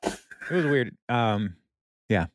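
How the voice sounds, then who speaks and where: A man's voice: medium pitch, animated, slow pace, slight background noise. A young adult man casually recapping a TV episode, laughing often and retelling scenes with quoted lines. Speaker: podcast co-host.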